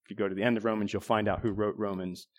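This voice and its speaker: A man delivers a sermon, his voice sitting a little low. He talks in a conversational way, doubling back on phrases and clearing his throat between thoughts. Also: flat delivery, rapid-fire. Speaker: preacher.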